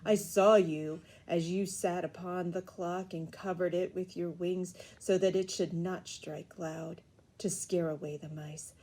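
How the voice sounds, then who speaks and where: A woman's voice: on the low side, mellow. A woman voicing a sick young girl in bed in a storybook reading, crying out with reproach. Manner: reproachful outcry.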